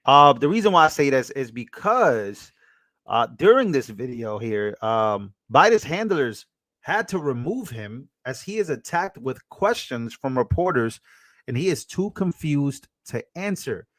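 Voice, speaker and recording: A man hosting a casual reaction show, laughing often and talking in loose, excitable slang. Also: mid-range voice, a little slow, no room sound. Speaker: show host reacting to clips.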